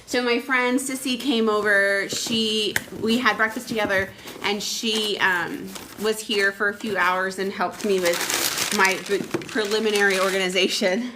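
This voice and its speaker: A woman librarian chatting casually as she unboxes packages on a live stream, reading notes aloud with excited bursts. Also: medium pitch, unhurried, noisy background. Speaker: school librarian.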